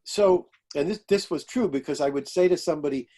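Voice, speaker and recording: An older man, an astrologer and author, telling lively stories in an interview and acting out the voices of people he quotes. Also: on the high side, quick pace. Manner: animated anecdotes, acting out quoted voices, laughing. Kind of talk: storytelling interview.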